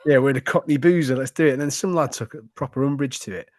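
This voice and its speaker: A man co-hosting a casual football podcast, chatting in an animated and cheeky way with the odd swear. His voice sits at a middling pitch and is recorded dry, with no room sound. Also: quick pace, no room sound. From Wrexham, Wales. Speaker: podcast co-host.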